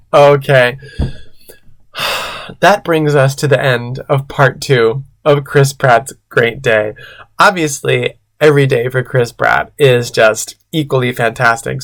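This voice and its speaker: Drag queen reading fanfic out loud, slow and dry, keeps stopping to roast it. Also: mid-range voice. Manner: sarcastic, deadpan asides. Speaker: drag queen host reading fan fiction. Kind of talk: comedic read-aloud with commentary.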